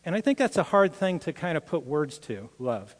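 A man's voice: on the high side, very animated, normal speed. Older man preaching in a reverberant hall. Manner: earnest, personal storytelling with frequent restarts. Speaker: pastor. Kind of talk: sermon.

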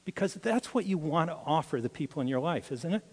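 Older male pastor, slightly high voice, earnest storytelling sermon, lingering hall reverb. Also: animated, a little fast, a little mellow. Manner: earnest, personal storytelling with frequent restarts.

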